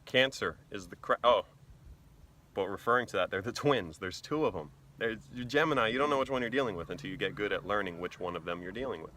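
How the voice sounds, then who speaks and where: Man, low voice, blunt and cursing, casual explainer, background noise and traffic hum. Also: quick pace. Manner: profane, blunt, animated. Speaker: vlogger.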